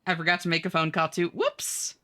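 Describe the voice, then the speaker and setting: While playing a video game on stream, a woman casually talks with her audience, reading their comments out loud and giggling along. Her low voice barely shifts in pitch, and she talks rapid-fire with a sharp tone.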